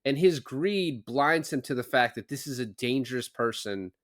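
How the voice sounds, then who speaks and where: A man's voice: medium pitch, animated, normal speed. A man co-hosting a podcast, chatting casually about a film and laying out his opinions point by point. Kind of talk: casual film discussion chat.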